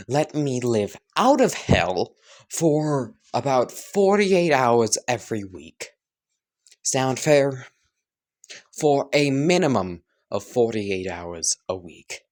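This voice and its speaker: A man's voice: medium pitch, sing-song, slow, darkish tone. A man voicing a young demon brother from hell who bargains over a contract, casual and swearing. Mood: bargaining. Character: demon twin brother freed from hell, scheming.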